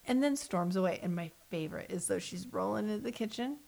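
Woman gossiping on a podcast, mid pitch, animated, hushed asides here and there. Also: fast, vocal fry, very noisy. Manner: animated, drops into hushed asides and mock voices. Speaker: podcast co-host. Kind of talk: casual chat recapping a reality show.

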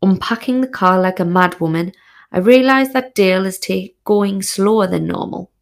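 A woman tells a comic personal story, frank and full of swearing. Her voice has a gravelly, creaky texture at a middle pitch. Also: moderate pace. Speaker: podcast host.

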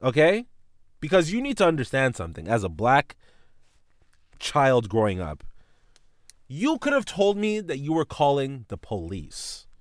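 A man's voice: mid-range voice, unhurried, long pauses, no echo, clean studio sound. A man hosting a podcast, telling a childhood story in a casual, profane way. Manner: animated, profane, voices his teacher and mom in retelling. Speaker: podcast host.

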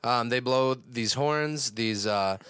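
A man's voice: medium pitch, slow, fairly bright tone, clean tone, dry recording. A young man casually recapping a cartoon episode on a podcast, rambling and swearing with lots of fillers. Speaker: podcast co-host.

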